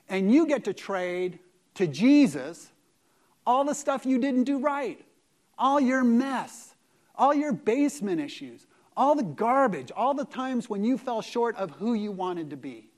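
A man with a high voice preaches with lively energy. He asks rhetorical questions and swings from loud emphasis to hushed asides. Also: normal speed. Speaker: pastor. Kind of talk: sermon.

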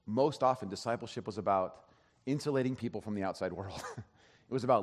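A man's voice: lowish voice, fairly quick. A man giving a sermon as pastor, telling a story in a conversational way with frequent restarts. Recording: long hall reverb.

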